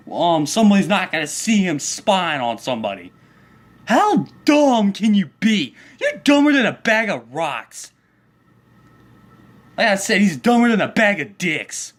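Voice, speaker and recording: A man's voice: high-pitched, a bit bright. Man in a heated swearing rant. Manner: crude, heated, swearing constantly. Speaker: vlogger ranting about his neighbor. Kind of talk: angry profane rant.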